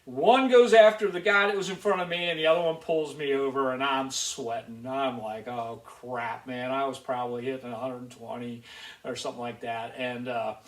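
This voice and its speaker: A man's voice: mid-range voice, fairly even intonation, brisk. A man from Ohio hosting a casual video show, telling a rambling story to viewers with plenty of fillers. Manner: chatty, rambling, with frequent fillers. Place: garage. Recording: roomy echo.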